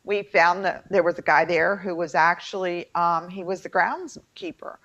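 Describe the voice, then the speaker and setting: A middle-aged woman with an Appalachian twang tells rambling, filler-laden stories as a co-host. Her voice sits low with a gravelly edge. The recording is muffled and lo-fi. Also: normal speed, fairly bright tone. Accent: Appalachian mountain twang. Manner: chatty storyteller, lots of fillers. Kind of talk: casual chat. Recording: muffled lo-fi audio.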